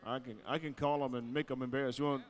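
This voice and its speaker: A man's voice: medium pitch, steady tone, fast talker. A man announcing at a powwow arena, easygoing and joking as he calls out names over a PA microphone. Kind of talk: live event announcing.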